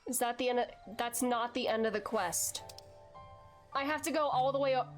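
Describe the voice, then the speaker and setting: A woman streaming a video game, chatting away while under the weather and sparing her voice. She rambles casually in a fairly high voice, with faint game music behind her. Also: moderate pace. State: sick, saving her voice. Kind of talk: casual gaming commentary.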